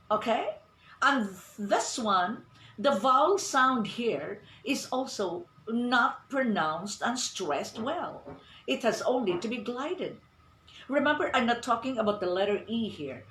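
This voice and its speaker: A woman giving an online pronunciation lesson, speaking deliberately, repeating words and asking the class questions. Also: on the high side, lively intonation, fairly bright tone, a little hiss or hum. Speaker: English teacher. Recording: roomy echo.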